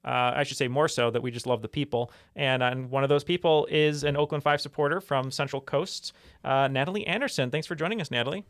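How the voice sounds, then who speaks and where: A man's voice: medium pitch, fast, dry recording, studio quality. A man hosting a trivia podcast, upbeat and casual, with many fillers. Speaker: podcast host.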